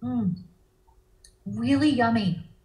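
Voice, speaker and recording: A woman in casual chat who eagerly demonstrates drinks and products and talks fast. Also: on the high side, roomy sound, a crowd in the background, low-quality recording. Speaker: guest showing products.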